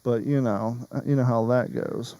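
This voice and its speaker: A man's voice: medium pitch, steady tone, moderate pace, dark tone, no room sound. A man hosting a podcast in casual chat, rambling and wandering off topic. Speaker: podcast host.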